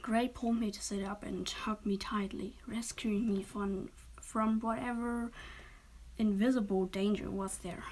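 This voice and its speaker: Soft half-whispering woman reading a story. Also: medium pitch, steady tone, measured pace, slight background noise, low-quality recording. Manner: half-whispered, gentle, with small restarts.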